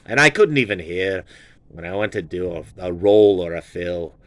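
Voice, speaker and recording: A man's voice: deep voice, expressive, moderate pace, no room sound, voice pushed down. A man voicing a self-pitying 1960s British drummer who feels ignored, muttering mopily. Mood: mopey.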